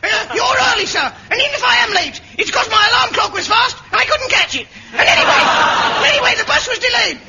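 An actor playing a fat, greedy, cowardly schoolboy who squeals panicky excuses in a comedy show. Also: male voice, very high voice, big pitch swings, quick pace, gravelly, a little hiss or hum, heavily acted. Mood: babbling excuses. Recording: dull audio with loud audience laughter.

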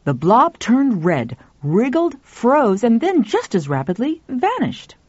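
A woman narrating an audiobook in a steady, expressive reading. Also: a little high, takes it slowly, breathy edge, dry recording. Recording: dull dry lo-fi recording.

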